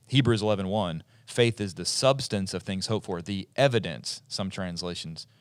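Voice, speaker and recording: A man in his forties with a lowish voice hosts a relaxed podcast talk, and he explains things in a chatty way. The recording is close and dry, with no room sound. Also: moderate pace, smooth, dry recording. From eastern United States. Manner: chatty, explanatory, with frequent restarts. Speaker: podcast host. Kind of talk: casual podcast discussion.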